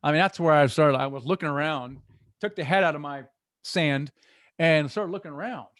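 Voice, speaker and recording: A middle-aged man talking as a guest in an interview, earnest and animated as he tells stories. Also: a little high, moderate pace, dry recording, clean studio sound. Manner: earnest, animated storytelling with restarts. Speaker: guest, real estate investor. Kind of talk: conversational interview.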